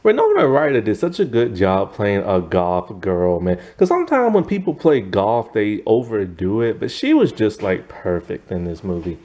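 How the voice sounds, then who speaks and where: A man's voice: on the low side, sing-song, normal speed, hardly any pauses, mellow. A man giving a casual, rambling movie review, opinionated and full of "like" and "man".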